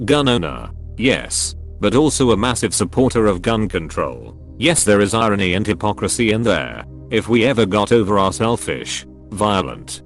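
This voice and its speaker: A man narrating a string of online comments in a scripted reading, spelling out even web links word for word. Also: on the low side. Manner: reads every text literally, web links spelled out.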